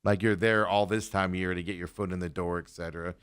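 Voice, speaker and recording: A man's voice: sits low, fairly even intonation, quick pace, fairly bright tone, clear, resonant tone. A man hosting a casual sports talk show, rambling and trailing off as he talks. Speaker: podcast host.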